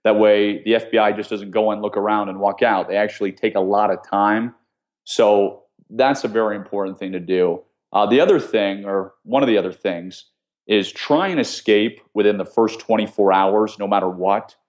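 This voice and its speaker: A man's voice: on the low side, moderate pace. A man, a former intelligence officer, explaining survival techniques step by step as a guest in an interview. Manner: steady, instructive, explains step by step with examples. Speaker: guest, former CIA officer teaching escape skills. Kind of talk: conversational interview.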